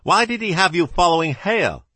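Casting: cool, dry British sleuth, older man, crisp and assured, as voiced by a male narrator. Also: sits high, expressive, a little fast, bright, forceful tone, no room sound, pitched above the performer's own voice, full character voice. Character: composed older male actor playing the great detective.

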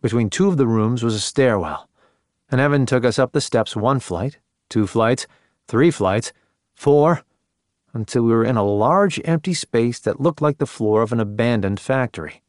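A man reading a first-person story in a measured, subdued way. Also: medium pitch, a little mellow, no echo, clean studio sound. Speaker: narrator. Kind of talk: first-person audiobook narration.

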